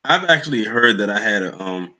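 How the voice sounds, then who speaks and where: A young man hosts a livestream, chatting loosely with viewers and calling out commenters by name. His voice is on the low side yet pushed and bright, animated and fairly quick, captured in low-quality audio.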